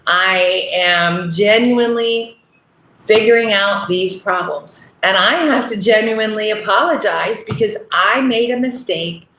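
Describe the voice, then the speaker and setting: Brief: middle-aged woman host, earnest and unhurried, speaking in an echoey room. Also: fairly low pitch, fairly bright tone. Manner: earnest, repeats "okay?" often. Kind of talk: casual direct-to-camera talk.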